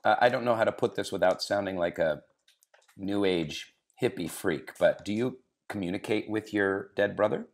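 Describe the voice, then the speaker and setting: A man hosts a podcast interview, enthusiastic as he feels his way through his questions and reaches for words with fillers. His voice is fairly low and his pace moderate.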